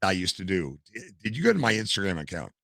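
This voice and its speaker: An older man, a podcast guest, telling stories in a casual, animated way and acting out what others said. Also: low voice, fast talker, gravelly, no room sound. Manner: animated storyteller, acts out quotes. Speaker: podcast guest, gamer and streamer. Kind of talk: casual storytelling interview.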